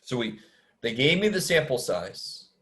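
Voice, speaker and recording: A man's voice: mid-range voice, very animated, measured pace, fairly bright tone. A man teaching a statistics class over a video call, informal and self-deprecating, muttering asides and mild curses. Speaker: math instructor. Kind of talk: casual online lecture. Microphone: video call mic.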